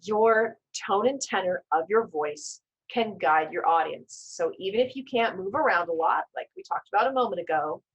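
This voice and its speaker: A woman teaching a storytelling class on a video call, coaching with gentle reassurances and casual self-corrections. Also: lowish voice, breathy edge, poor audio. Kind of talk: live online class, instructive and conversational.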